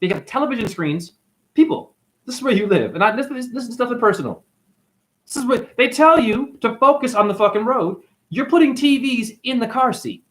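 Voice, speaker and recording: A man vlogging a rambling, profane spiritual rant, preaching with big swings in pitch. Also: lively intonation, brisk, a bit bright.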